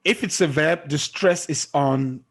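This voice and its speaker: A man teaching a classroom lesson, explaining slowly and quizzing his students as he goes. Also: fairly high pitch, vocal fry, fairly bright tone, breathy edge. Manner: slow, drawn-out explaining with questions to students. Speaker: English teacher.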